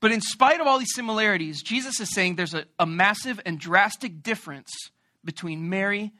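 Bright, animated male preacher. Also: sits high, a little fast. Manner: animated, joking storyteller. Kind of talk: sermon.

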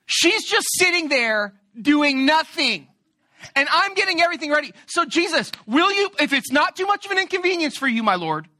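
A man's voice: very high voice, sing-song, moderate pace, bright, forceful tone, exaggerated voice. A man voicing an exasperated woman who complains to a guest with sarcastic, over-polite whining. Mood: indignant. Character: exasperated fussy woman host demanding help.

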